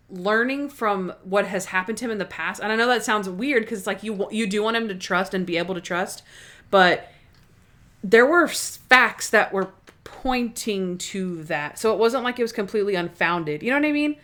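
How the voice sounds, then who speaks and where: A woman's voice: mid-range voice, normal speed, fairly bright tone. A woman co-hosting a podcast in casual chat, eager and full of fillers. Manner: chatty, many fillers, eager. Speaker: podcast co-host.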